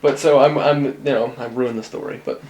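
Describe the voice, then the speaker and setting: A man's voice: mid-range voice, fairly even intonation, a little fast, darkish tone, slight background noise. A man hosting a casual chat with friends, telling a long story with many fillers and restarts. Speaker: podcast host. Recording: roomy echo.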